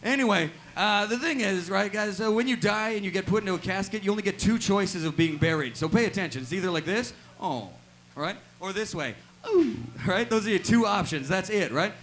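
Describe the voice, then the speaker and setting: Speaking briskly with few pauses, a man with a high voice delivers stand-up comedy in a small live venue, where slight background noise can be heard. His deadpan one-liners almost all end with a tagged "right?".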